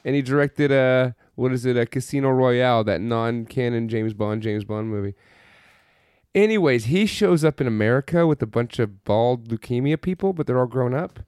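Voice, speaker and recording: A man's voice: mid-range voice, moderate pace, a little mellow, clear, resonant tone, no room sound, clean studio sound. A man co-hosting a podcast, recapping a film in a rambling, exasperated, profane way. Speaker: podcast co-host. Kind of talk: casual film review chat.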